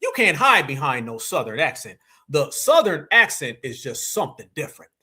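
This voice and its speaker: Animated, husky-voiced male streamer. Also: on the high side, moderate pace. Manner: animated, slangy, mocking. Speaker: livestream host. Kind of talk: casual livestream commentary.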